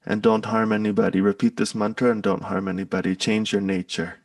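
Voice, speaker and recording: Guy doing an old wandering holy man, gravelly low-key voice, sits back from the mic. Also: little pitch movement, a little fast, no room sound, clean studio sound, distant mic. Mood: instructing. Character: calm wandering holy man, older male teacher.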